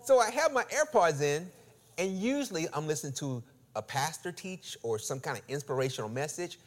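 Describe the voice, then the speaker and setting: A middle-aged man preaching through a personal story, acting out the dialogue and swinging between loud bursts and quiet asides. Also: on the high side, expressive, fairly quick. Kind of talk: storytelling sermon.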